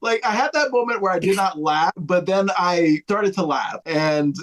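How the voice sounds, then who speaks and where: A man co-hosting a podcast recap in casual chat, animated and jumping up in pitch when he quotes someone. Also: normal speed, low-quality recording. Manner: animated, jumps high in pitch when quoting. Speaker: podcast co-host.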